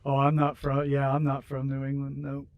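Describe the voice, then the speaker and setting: A man's voice: medium pitch, completely flat delivery, normal speed, vocal fry, dry recording, phone-quality sound. A man hosting a game livestream, chatting casually and rambling with viewers while he builds, laughing easily. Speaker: livestream host.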